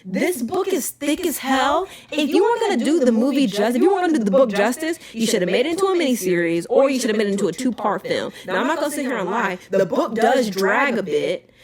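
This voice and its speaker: A young woman hosting a podcast, talking casually in an emphatic, animated rant. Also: on the high side, fast, hardly any pauses, over a noisy crowd. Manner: animated, emphatic ranting with frequent "okay?" asides. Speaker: podcast host. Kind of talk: casual chat.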